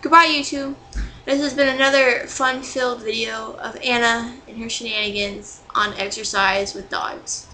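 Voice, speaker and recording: A young woman vlogging to camera, rambling and exasperated as she rants with plenty of swearing. Her voice sits a little high and sounds bright and sharp, with a faint hiss in the background. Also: fairly even intonation, moderate pace, poor audio. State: still angry, bruised. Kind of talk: casual vlog rant.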